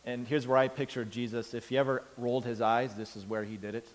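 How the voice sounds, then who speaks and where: A man preaching a sermon, telling the story with lively acted-out voices and big swings from loud to quiet. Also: medium pitch, a little fast, hardly any pauses, long reverb tail. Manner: animated storytelling, acts out characters with big swings in loudness. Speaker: pastor.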